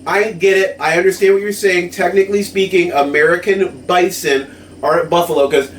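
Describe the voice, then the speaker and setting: A man's voice: sits high, steady tone, a little fast. A man co-hosting a podcast in casual chat, rambling with lots of fillers and tag questions. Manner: rambling, full of fillers and "right?". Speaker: podcast co-host. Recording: echoey room, mic at a distance, faint noise.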